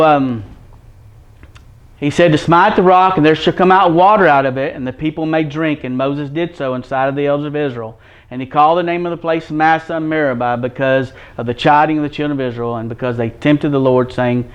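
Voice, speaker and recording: A man preaching a sermon, reading scripture in old wording and explaining it in plain, folksy talk straight to his listeners. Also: on the high side. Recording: dull lo-fi recording.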